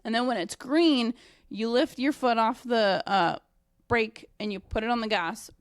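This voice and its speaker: Blunt, animated woman dog trainer. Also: on the high side, measured pace, dry recording, studio quality. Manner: blunt, animated, swears freely. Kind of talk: casual talk about teaching clients.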